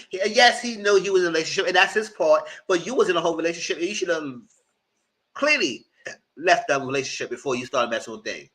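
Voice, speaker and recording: Animated man reviewing reality TV. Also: on the high side, fast, poor audio. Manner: animated, swearing, mocking people on the show. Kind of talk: live commentary.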